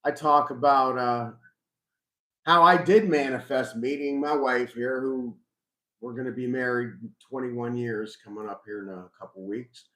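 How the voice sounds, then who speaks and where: A man's voice: medium pitch, steady tone, measured pace, sharp tone. Middle-aged man musing in an echoey room. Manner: reflective, rambling with restarts. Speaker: host. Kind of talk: casual live chat about faith. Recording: roomy echo.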